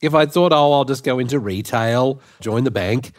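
A man's voice: medium pitch, moderate pace. A man interviewing a guest, musing thoughtfully before putting his questions. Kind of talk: conversational interview.

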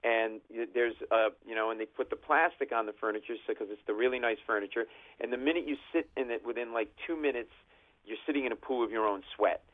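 A man from Providence, a comedian calling in and telling stories in a lively way, acting out bits of voices. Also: medium pitch, fast. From Providence, Rhode Island. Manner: animated storyteller, acts out voices. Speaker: comedian guest. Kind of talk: phone-in comedic chat. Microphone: phone call. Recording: tinny phone line.

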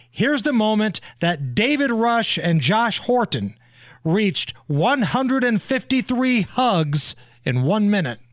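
A man's voice: high-pitched, dry recording. A male radio show host in a studio, bantering casually and teasing his co-host with wisecracks.

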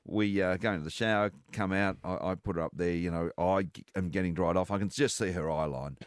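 A lowish male voice tells a self-deprecating story with deadpan timing. The sound is dry and close on a studio mic. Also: brisk, smooth, no room sound. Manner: deadpan, self-mocking anecdote telling. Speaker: comedian guest. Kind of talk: comic storytelling.

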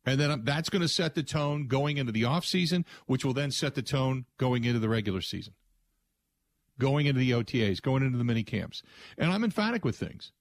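A man's voice: mid-range voice, lively intonation, fairly quick, dry recording. Emphatic male sports radio host, dry sound. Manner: emphatic, rambling with frequent restarts. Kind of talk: opinionated sports talk radio monologue. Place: radio studio.

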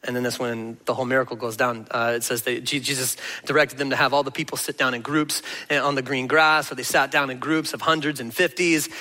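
A man preaching a sermon as pastor, telling the story in an animated, conversational way. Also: medium pitch, a little fast, hardly any pauses, big-room sound. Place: church auditorium.

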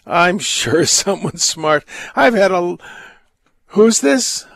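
Gravelly older priest talking on the radio. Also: male voice, high-pitched, animated, slow, a bit bright, no room sound. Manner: chatty, rambling, laughs often, stumbles over words. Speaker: priest hosting a call-in radio show. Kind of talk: casual call-in radio talk.

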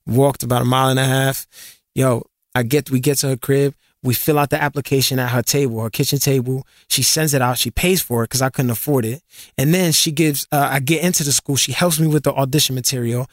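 A man from New York telling stories as an interview guest, animated and slangy, often repeating words. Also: medium pitch, brisk, dry recording, clean studio sound. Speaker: interview guest, singer and actor. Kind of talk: casual interview storytelling.

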